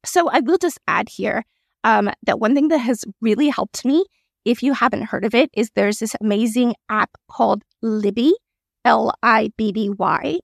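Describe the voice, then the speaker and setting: A woman talks through her own podcast, candid and chatty, often tossing in little asides to listeners. Her voice sits a bit high with a husky, breathy edge and plenty of vocal fry. The sound is dry and close, with no room around it. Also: normal speed, no echo. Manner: chatty and candid, with frequent laughs and "right?" asides. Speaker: podcast host. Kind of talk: solo reflective podcast talk.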